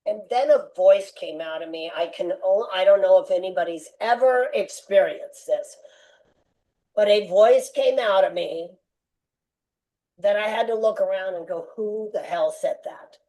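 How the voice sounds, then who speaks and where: A woman's voice: mid-range voice, a little slow, dark tone, rough recording. An older woman, a guest on a podcast interview, telling a personal story with animation and acting out quoted lines.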